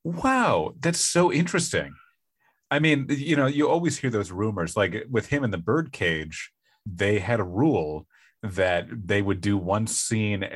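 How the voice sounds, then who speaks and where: A man co-hosting a podcast in casual chat, animated and laughing often. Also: on the low side, slightly rough, dry recording. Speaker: podcast co-host.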